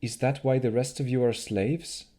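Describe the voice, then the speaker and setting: A man's voice: medium pitch, fairly even intonation, moderate pace, mellow, voice pushed up, close to an everyday voice. A man reading an audiobook, voicing an earnest young woman, a half-elf heroine who asks anxious questions. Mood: questioning.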